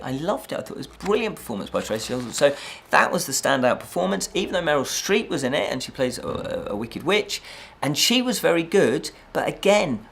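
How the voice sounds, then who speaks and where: A man reviewing a film in a casual chat, animated and exasperated, repeating points for emphasis. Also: fairly high pitch, vocal fry, husky. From United Kingdom.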